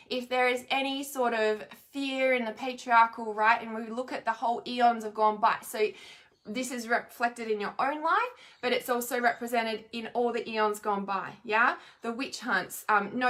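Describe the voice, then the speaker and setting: A woman's voice: on the high side, fairly bright tone. A woman leading a live-streamed spiritual healing talk in a rambling way, often stopping to check in with her listeners. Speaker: intuitive energy healer.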